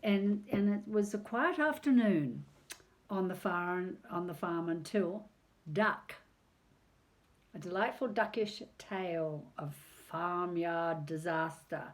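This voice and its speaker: An older woman reading a picture book aloud on video, chatty and digressive, pausing to talk about the pictures. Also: fairly low pitch.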